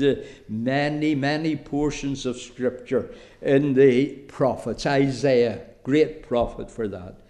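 A man with an Irish accent preaching a sermon slowly and deliberately, with emphatic pauses. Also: mid-range voice, dark tone.

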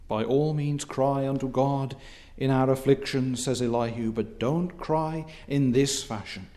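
Here a man preaches expository style, formal and measured, with scripture readings and swells of force in impassioned moments. His pitch is medium and his tone steady and warm.

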